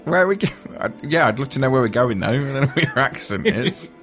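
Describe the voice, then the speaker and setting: A man's voice: mid-range voice, expressive, quick pace, fairly bright tone, soft background music. A man hosting a casual chat, rambling and joking as he talks. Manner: chatty, rambling, jokey. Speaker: podcast host.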